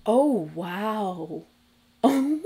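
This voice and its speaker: A young woman hosting a music video reaction, talking casually and reacting excitedly with gasps, laughs and swearing. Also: mid-range voice, drawn-out words, breathy edge. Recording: faint music behind.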